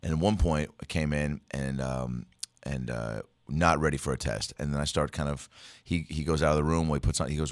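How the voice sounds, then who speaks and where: Deep-voiced man telling profane stories. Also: fairly quick, no echo, studio quality. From Seattle, USA. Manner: profane, animated storytelling with impressions. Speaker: comedian guest. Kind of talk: casual storytelling chat. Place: studio.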